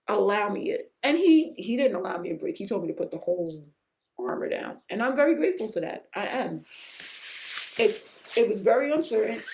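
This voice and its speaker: A middle-aged woman hosts a faith podcast, offering a personal reflection on surrender in an earnest, emotional way and often repeating herself for emphasis. Her voice is a little high, creaky and slightly mellow, with slight background noise.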